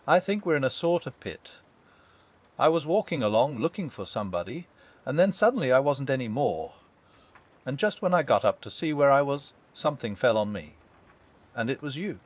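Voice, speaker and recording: A man's voice: mid-range voice, sing-song, moderate pace. A man voicing a small, timid young male piglet who speaks anxiously and tremblingly in a storybook reading. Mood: nervous. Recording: dull lo-fi.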